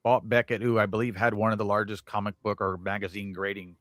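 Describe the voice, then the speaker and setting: A man co-hosting a casual livestream panel chat, talkative and quick to cut in with rebuttals. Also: lowish voice, level tone, a crowd in the background. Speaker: co-host.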